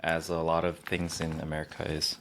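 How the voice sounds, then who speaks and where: A man's voice: very deep voice, monotone, brisk, fairly bright tone, slight background noise. A man from Korea, co-hosting a podcast in casual chat with short, enthusiastic reactions. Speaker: podcast co-host.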